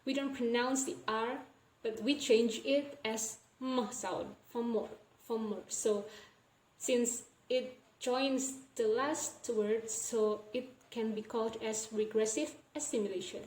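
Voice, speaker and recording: Slow, mellow young woman explaining phonology. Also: a little high, reverberant, poor audio. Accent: Indonesian. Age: young adult. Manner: repeats example words slowly to demonstrate sounds. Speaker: student presenter. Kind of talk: recorded class presentation on phonology.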